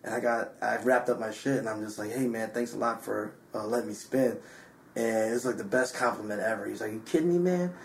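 A slightly drunk man, a DJ, telling a story in an excitable, casual way, swearing often and full of filler words. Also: on the low side, a little fast, gravelly, roomy sound, slight background noise. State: a bit drunk. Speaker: DJ and guest. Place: hotel room.

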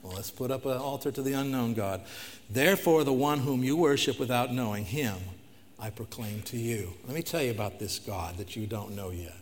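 A man's voice: medium pitch, moderate pace. A man preaching a sermon, reading scripture aloud and then explaining it plainly as he urges the listeners to respond. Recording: long reverb of a large hall.

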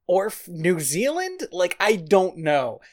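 Podcast co-host at a middle pitch, wry and sarcastic while recapping a film. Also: huge pitch swings, slow. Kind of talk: casual chat reviewing a film.

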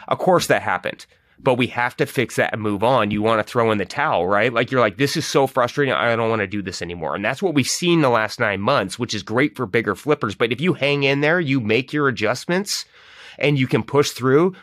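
A man's voice: mid-range voice, expressive, fairly bright tone, no echo. A man hosting a podcast speaks in an emphatic, explaining way, leaning on key words. His voice is close and dry, with no room around it. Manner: emphatic, explanatory, slows down to stress points. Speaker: podcast host. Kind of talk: casual podcast talk.

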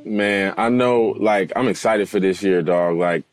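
A man talking in a casual podcast chat, telling stories in a slangy, animated way, recorded outdoors on a golf course. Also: low-pitched, unhurried, soft background music. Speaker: podcast guest, former NFL player.

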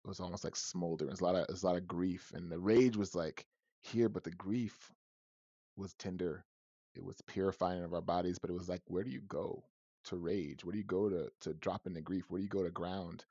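Man, podcast guest, deep voice, quick animated storyteller, dull close recording. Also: slightly rough, dry recording. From Southern California. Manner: animated storytelling with many restarts and quoted voices. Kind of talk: personal storytelling in a podcast interview.

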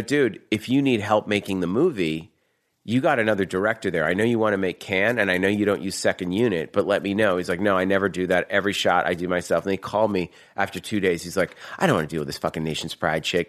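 A man with a Boston accent telling a story in a fast, profane, animated way as a guest in a casual chat. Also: low-pitched.

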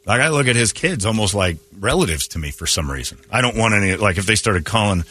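Animated, husky radio host man. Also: fairly low pitch, fast talker. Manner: blunt, animated, reads listener letters aloud. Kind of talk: casual morning radio banter.

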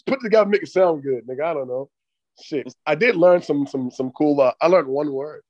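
A man co-hosting a podcast in casual chat, telling stories in a profane, animated way. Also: fairly high pitch, fairly quick, muffled recording. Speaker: podcast co-host.

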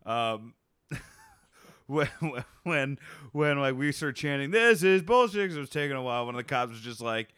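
A man co-hosting a podcast, chiming in with short reactions and quick questions. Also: medium pitch, fairly even intonation, fairly bright tone, smooth, dry recording, studio quality. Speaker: podcast co-host. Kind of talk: casual podcast chat.

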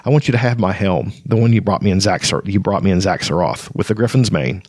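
A man reading aloud as a grumpy old male dwarf, a gruff and sulky hypochondriac who is sure he is dying. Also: sits low, fast, darkish tone, no echo, studio quality. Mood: calm. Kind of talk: dramatic book reading.

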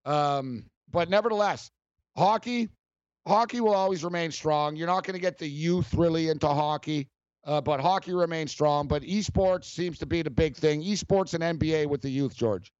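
A middle-aged man hosts sports talk radio, drifting into long rambling stories and laughing along the way. His voice sits fairly high. The sound is dull and dry, like a close studio mic with the top end rolled off. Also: moderate pace, a little mellow, clean tone, dry recording. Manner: rambling, storytelling, laughs often.

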